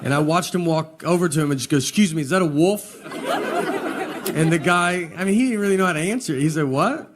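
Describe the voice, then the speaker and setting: A man performing a stand-up comedy set, telling stories in a slow deadpan way with hesitant pauses. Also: a little high. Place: live comedy venue with audience. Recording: live show with audience laughter and background noise.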